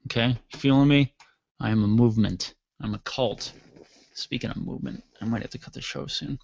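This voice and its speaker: A man's voice: mid-range voice, fairly quick, vocal fry, a little mellow, no room sound, highs cut off. Yawning man rambling on his podcast. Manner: rambling, chatty, jokey asides. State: tired, yawning. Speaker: podcast host. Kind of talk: casual solo podcast talk. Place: home basement studio.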